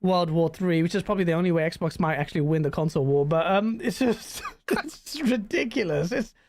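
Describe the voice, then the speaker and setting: A woman hosting a gaming news stream in casual chat, rambling and animated and laughing often. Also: lowish voice, fairly quick, a little hiss or hum.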